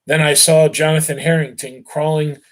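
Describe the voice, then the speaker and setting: A man's voice: on the high side, little pitch movement, normal speed. A male teacher on a live stream who recaps a novel for his students with casual fillers, then reads the story aloud steadily and with feeling.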